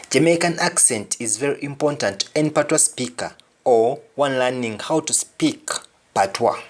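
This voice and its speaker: A man hosting a video language lesson, speaking emphatically and repeating example phrases. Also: mid-range voice. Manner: emphatic, repetitive example sentences. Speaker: language teacher.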